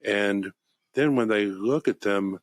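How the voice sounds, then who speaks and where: Enthusiastic low-voiced man, dry close mic. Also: slow pace, dry recording. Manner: enthusiastic, rambling storyteller. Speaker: wine shop podcast host. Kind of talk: casual chat.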